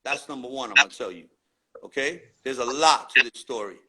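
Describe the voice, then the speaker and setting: With a husky, medium-pitched voice and a fairly quick pace, a New York man shares graffiti stories in a relaxed interview, cursing freely in street slang. The audio is poor, with loud background noise.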